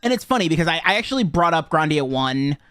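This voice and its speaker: Lively joking man on a podcast. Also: fairly high pitch, fast talker, clear, resonant tone, dry recording, studio quality. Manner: animated, joking, laughs often. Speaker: podcast co-host. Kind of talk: casual podcast chat about a game.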